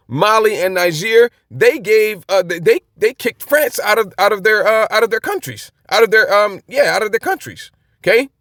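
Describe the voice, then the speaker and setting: A man's voice: high voice, a bit bright, no echo, studio quality. A man giving casual Bible commentary, emphatic and rhetorical, often checking in with "okay?". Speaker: Bible teacher.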